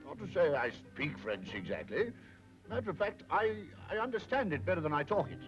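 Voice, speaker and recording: A man's voice: fairly high pitch, sing-song, a little fast, soft background music. An actor playing a friendly, casual man chatting with a newcomer.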